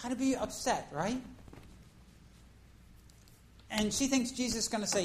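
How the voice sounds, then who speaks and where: A woman preacher giving a conversational sermon, telling a story in an animated way and acting out the scenes. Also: medium pitch, a little slow, long pauses, slight background noise, rough recording.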